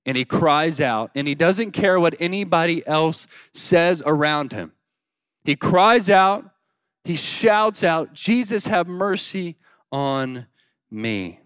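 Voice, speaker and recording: High-voiced man preaching with dramatic swings. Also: slow pace, clean tone, no room sound, clean studio sound. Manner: dynamic preaching, swings between loud cries and hushed lines; acts out the biblical cries in a pleading shout. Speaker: pastor. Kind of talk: sermon.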